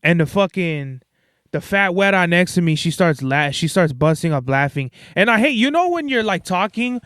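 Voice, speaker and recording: Podcast host, male, swears constantly in casual slang, clear voice with a dry, close sound. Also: high-pitched, sing-song, moderate pace, a bit bright, no echo. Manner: profane, slangy, rambling storytelling. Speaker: podcast host and stage performer. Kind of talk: casual solo monologue.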